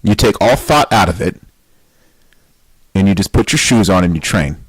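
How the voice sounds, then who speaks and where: A man's voice: low voice, animated, normal speed, husky, dry recording, rough recording. A man hosting a weightlifting podcast in a casual, motivational monologue. He is emphatic and blunt, swears, and fires off rhetorical questions.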